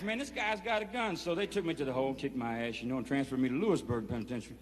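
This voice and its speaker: Man with a high, drawling voice telling a loose, profane story in a long-echo hall. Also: expressive, quick pace, sharp tone. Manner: drawling, profane, peppered with "you know". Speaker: performer addressing inmates. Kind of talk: rambling spoken storytelling. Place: prison hall. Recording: reverberant hall, 1970s film sound.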